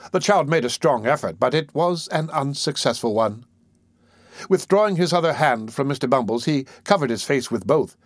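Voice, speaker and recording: A man reading a classic novel aloud in a measured, formal storytelling manner. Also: mid-range voice, dry recording, studio quality. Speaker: narrator. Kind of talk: scripted narration of a classic novel.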